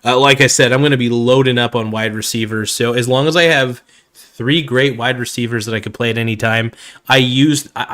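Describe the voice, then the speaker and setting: A man's voice: mid-range voice, fairly bright tone. A man hosting a casual fantasy football stream, rambling with many fillers and calling viewers "man," his voice slightly worn. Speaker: fantasy football video host. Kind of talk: casual live-stream chat.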